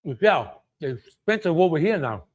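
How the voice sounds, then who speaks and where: A man's voice: fairly high pitch, very animated, normal speed, slightly rough, muffled recording. A man with a Louisiana accent hosting a casual live cooking stream, chatty and exclamatory, greeting viewers by name and laughing often. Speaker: cooking show host.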